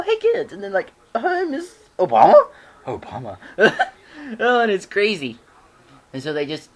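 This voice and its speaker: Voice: medium pitch, a bit bright, a little hiss or hum. A fan recapping a TV episode in a casual vlog, rambling and giggling, with frequent restarts. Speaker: show reviewer.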